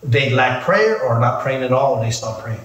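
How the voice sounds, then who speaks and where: A man preaching as a pastor, joking and calling out to his congregation in a lively sermon. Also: mid-range voice, normal speed, roomy sound, far from the mic, low-quality recording. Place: church.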